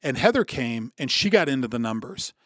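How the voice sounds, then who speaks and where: A Michigan man in his sixties, appearing as a podcast guest, tells a personal story in casual conversation, speaking a little fast at medium pitch. He's an animated storyteller who acts out what other people said and restarts often. The recording is dry and studio quality.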